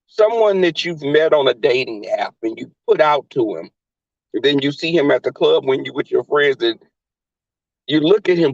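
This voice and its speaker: Sassy, lively high-voiced man. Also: dry recording, lo-fi sound. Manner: sassy, animated, addresses the listener directly. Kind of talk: casual opinion talk.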